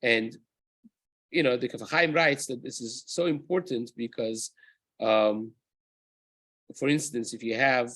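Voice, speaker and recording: A man's voice: mid-range voice, unhurried, pauses often, a bit bright, dry recording, rough recording. A man, a rabbi, teaching a daily lesson on Jewish law in a casual explanatory way, often restarting and checking "right?". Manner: drops into chanting Hebrew verses.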